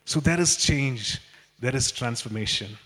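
A man preaching a sermon in an animated way, with many fillers and repeated phrases. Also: medium pitch, measured pace.

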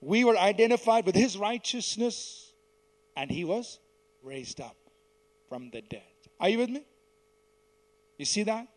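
This male preacher has a high-pitched, animated voice, keeps a measured pace, and leaves long pauses. Teaching verse by verse, he calls on the congregation to repeat after him, building loudness on key words and softening at the ends.

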